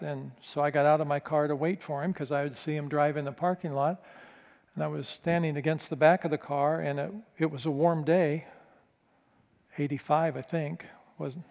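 A male pastor telling a candid, self-mocking story in a sermon, stumbling over quick restarts. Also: on the high side. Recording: long reverb of a large hall.

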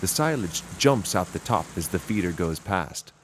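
A man's voice: sits low, expressive, normal speed, a little hiss or hum. A man narrating a children's video, pointing things out to young viewers in a sing-song way.

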